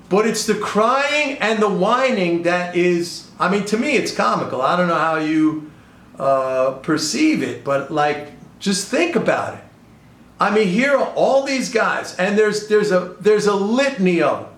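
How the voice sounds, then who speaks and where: A man's voice: high voice, animated, moderate pace, fairly bright tone. An older man hosting his own show, talking in a sarcastic, exasperated and rambling way. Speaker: podcast host and trader. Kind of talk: casual commentary monologue. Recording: echoey room.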